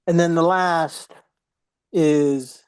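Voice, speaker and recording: A middle-aged man, a guest on a podcast, telling personal stories in an earnest, emotional way, sometimes dropping to a hush. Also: a little high, fairly even intonation, drawn-out words, clear, resonant tone, no echo. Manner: earnest, emotional storyteller, drops to a hushed voice at moments. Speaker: podcast guest, mental health speaker. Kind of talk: personal storytelling in an interview.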